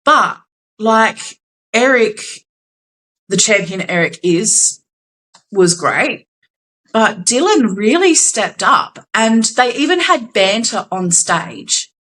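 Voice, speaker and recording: A woman's voice: fairly high pitch, lively intonation, takes it slowly, fairly bright tone, poor audio. A young Australian woman co-hosting a podcast, telling a gig story in casual chat, acting out quotes and swearing casually. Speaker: podcast co-host.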